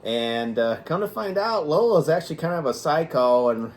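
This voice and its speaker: A man's voice: fairly high pitch, expressive, normal speed. A man co-hosting a horror movie review in casual chat, hesitant, with many ums and restarts as he explains.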